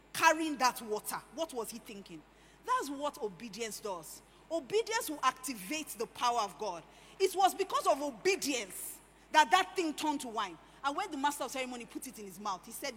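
A woman preaching a sermon, animated, swinging between hushed lines and loud emphatic ones. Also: sits high, slight background noise. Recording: echoey hall with faint ambience.

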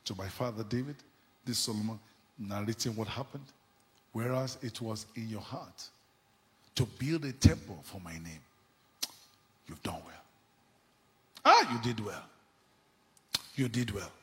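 A man preaching a sermon with fervor, swinging between sudden shouts and hushed asides. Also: on the low side, big-room sound. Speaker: pastor. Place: church.

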